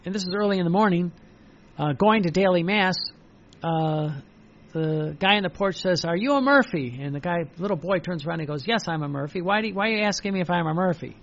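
A man's voice: sits high, brisk, fairly bright tone, lo-fi sound. A man preaching a devotional sermon with fervor and repetition, reading passages aloud. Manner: fervent, repetitive, reads quoted passages aloud.

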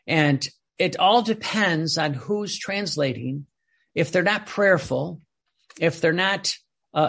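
A man's voice: a little high, a bit bright, husky. A man giving a devotional teaching talk, earnest and emphatic, often repeating phrases. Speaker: religious teacher.

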